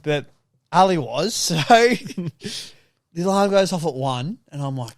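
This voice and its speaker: A young Australian man with a fairly high voice chats on a podcast, rambling and swearing as he tells a story. The sound is dry and close, with no room around him. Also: measured pace, no echo. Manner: swearing, rambling and animated, with lots of fillers. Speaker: podcast co-host. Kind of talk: casual storytelling chat.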